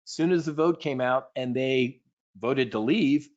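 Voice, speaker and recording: A man leading a live trading webinar as an options instructor, energetic and punchy, breaking into shrill mock panic now and then. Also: measured pace, muffled recording.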